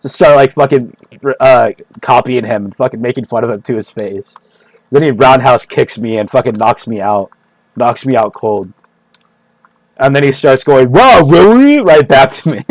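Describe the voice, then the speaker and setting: A man's voice: medium pitch, normal speed, dry recording. Rambling, joking man with a dry sound. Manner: joking, rambling, repeats himself, laughs often; profane. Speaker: streamer. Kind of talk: rambling casual chat.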